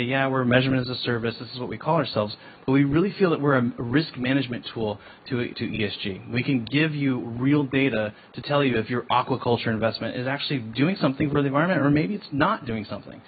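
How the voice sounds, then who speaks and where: A man's voice: mid-range voice, quick pace, hardly any pauses, slightly rough. A man presenting his ocean tech company on a panel, casual and enthusiastic, often restarting words. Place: event hall. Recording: tinny phone-like line with faint noise.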